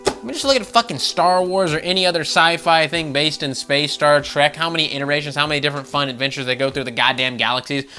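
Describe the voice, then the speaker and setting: A man's voice: on the high side, fast, hardly any pauses, faint music behind. An American man hosting a gaming channel, ranting casually with swearing and mocking voices. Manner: animated, swears, mock voices, laughs often. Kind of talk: casual opinion rant.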